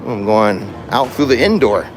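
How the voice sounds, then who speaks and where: Here the park livestreamer has a mid-range, sing-song voice at a moderate pace, bantering playfully with his audience through a handheld phone as he walks outdoors. Background noise, including faint music and a crowd, fills the clip.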